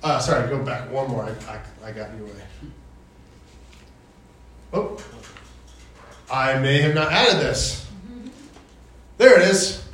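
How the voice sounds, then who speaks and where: A man's voice: medium pitch, slow pace, pauses often, a bit bright. A man preaching a sermon, reading scripture and retelling it in a loose, conversational way. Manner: conversational, paraphrases scripture in casual voices. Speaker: pastor. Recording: echoey hall from far off.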